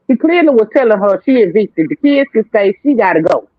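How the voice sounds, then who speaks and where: A man's voice: high voice, big pitch swings, fairly quick, hardly any pauses, no room sound. A man on a panel giving blunt, plain-spoken opinions over a video call. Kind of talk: casual opinionated commentary. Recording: thin phone-like line.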